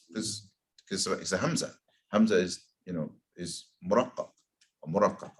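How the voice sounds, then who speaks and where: A man with a fairly low voice runs an informal Quran pronunciation lesson. He is patient and repeats sounds slowly to demonstrate them. He speaks in a casual classroom tone. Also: fairly bright tone. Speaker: tajweed teacher. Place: community centre classroom.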